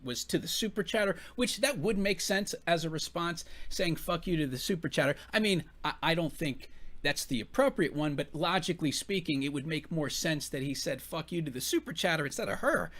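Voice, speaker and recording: A man's voice: fairly high pitch, lively intonation, a little fast, fairly bright tone. A man from the United States giving casual reaction commentary, rambling, swearing freely and restarting his sentences often.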